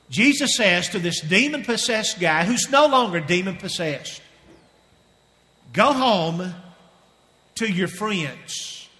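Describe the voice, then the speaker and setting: A middle-aged man preaches a sermon in a church, his voice high and bright, ringing through a hall with a long reverb. He is animated and stretches key phrases out slowly for weight. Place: church sanctuary.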